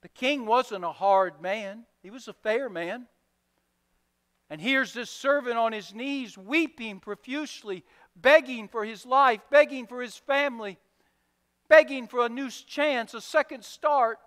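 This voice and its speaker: A man's voice: extremely high pitch, unhurried, fairly bright tone, smooth. A male pastor preaching a sermon, retelling a parable vividly and emphatically in a church sanctuary. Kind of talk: sermon storytelling. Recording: long church hall reverb.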